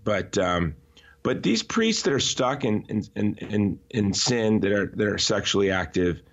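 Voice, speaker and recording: A man talking as a podcast guest in an emphatic, animated way, often restarting his sentences. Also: on the low side, measured pace. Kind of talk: conversational podcast interview. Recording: slightly dull, lo-fi audio.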